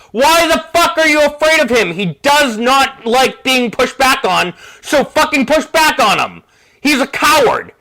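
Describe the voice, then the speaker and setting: A man hosting a podcast, delivering an angry, profane political rant in a low-quality first recording. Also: sharp tone. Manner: furious, profane, ranting. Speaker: podcast host.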